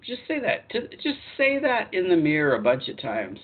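A man working as a spiritual life coach, hosting a live online talk show in a chatty, repetitive way with lively emphasis. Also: sits high, moderate pace, slightly rough, narrow, tinny audio.

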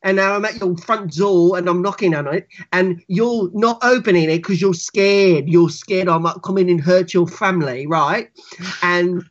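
A man playing a menacing, rough British man threatening at someone's front door, in a put-on gritty British accent, on dull lo-fi podcast audio. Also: sits high, moderate pace, close to an everyday voice.

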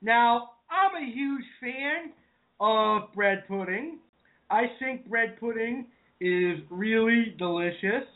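High-voiced New man, tinny audio. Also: animated, takes it slowly. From Massachusetts, New England. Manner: chatty, addresses viewers as folks. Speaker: cooking show host. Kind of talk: casual online show talk.

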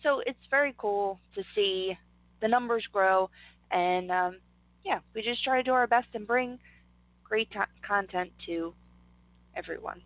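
A woman's voice: medium pitch, a little slow, dry recording. Candid Philly co-host woman, tinny. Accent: Philadelphia. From Northeast Philadelphia. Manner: candid, laughs easily. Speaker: radio co-host. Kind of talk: casual chat.

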